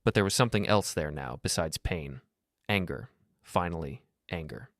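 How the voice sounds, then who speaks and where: Deep-voiced male storyteller. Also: animated, moderate pace, a bit bright, dry recording, clean studio sound. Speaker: narrator. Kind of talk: scripted story narration.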